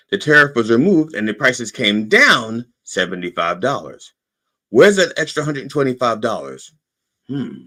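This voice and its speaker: A low-voiced man with a swooping, animated delivery rants through a satirical monologue. He is sarcastic and profane, and he keeps checking in with a pointed "okay?". It sounds like a podcast host holding forth on his own show.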